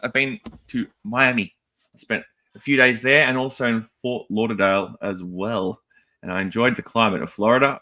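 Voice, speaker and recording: An Australian man co-hosting a casual toy livestream, joking around and greeting people in the chat one after another. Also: medium pitch. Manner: lively, jokey, rattling off greetings.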